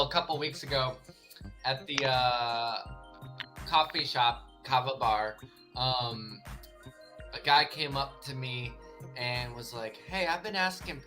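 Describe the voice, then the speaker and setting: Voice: medium pitch, fairly even intonation, slow pace, sharp tone, soft background music. A speaker casually telling an anecdote and laughing along the way. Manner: storytelling, laughs while talking. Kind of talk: casual chat.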